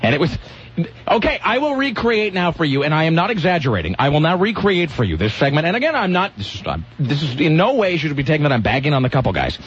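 Very animated and quick, a man with a high-side voice hosts a radio show, rambling through a story in casual banter and repeatedly cutting himself off. The lo-fi broadcast audio carries a little hiss or hum.

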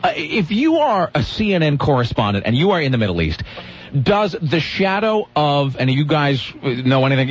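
Rambling joking male radio host. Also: a little high. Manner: rambling, joking, self-deprecating. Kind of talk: casual radio banter. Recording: dull lo-fi radio broadcast with faint music.

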